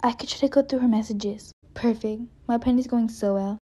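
Woman doing a teen girl in a toy game story, kinda high, soft mellow voice, half whispering to herself. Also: steady tone, fairly quick, lightly acted. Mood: sulky. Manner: quiet, half-whispered asides. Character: hurt teenage girl with a new stepmom.

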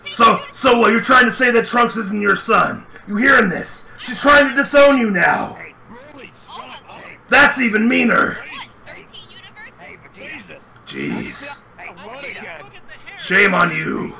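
Man doing a loud, brawny warrior with a high, gravelly shout and a sharp edge, role-play banter. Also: big pitch swings, takes it slowly, pauses often, heavily acted. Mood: indignant. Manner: shouting, laughing, indignant. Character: hulking brawny male warrior, loud and hot-headed. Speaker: streamer. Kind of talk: comedic voice chat role-play.

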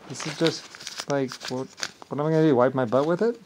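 A man giving a rambling solo monologue to camera, grandiose and self-assured, looping back on himself and swinging between loud and quiet. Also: a little high, fairly quick, poor audio. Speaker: vlogger.

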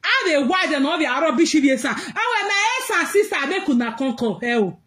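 A Nigerian woman ranting in vlog commentary, mixing pidgin and English, laughing through her words and shouting out bursts as she scolds. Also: high-pitched, sing-song, a little fast. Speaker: social media commentator.

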